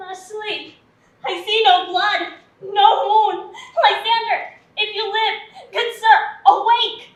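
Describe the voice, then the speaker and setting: Spurned lovesick young woman, woman acting, very high bright voice, slow, distant and echoey, faint noise. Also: heavily acted. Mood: anxious. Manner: impassioned declaiming of verse. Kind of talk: stage play performance.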